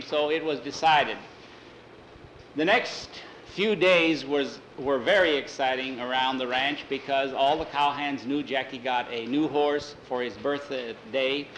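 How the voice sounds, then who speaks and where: A man's voice: medium pitch, fairly bright tone, echoey room, slight background noise, poor audio. Folksy older man telling a ranch story. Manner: homespun, unhurried, folksy. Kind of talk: told children's story.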